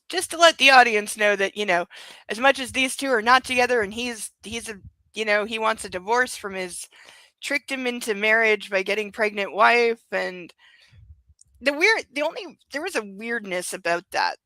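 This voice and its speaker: Woman, book club host, bright forceful tone, casual rambling chat, dry close mic. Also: mid-range voice, no echo, rough recording. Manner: chatty, full of ums and likes.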